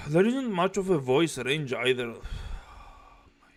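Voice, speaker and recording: A man's voice: a little high, sing-song, slow pace. A man reacting to a stream, scornful and foul-mouthed, with a harsh delivery. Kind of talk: commentary.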